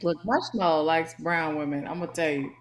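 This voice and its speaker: A woman's voice: low voice, fairly quick. A woman co-hosting a livestream, reading viewer comments aloud in an upbeat, playful way. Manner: upbeat, reads comments aloud, laughs often. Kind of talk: casual livestream chat.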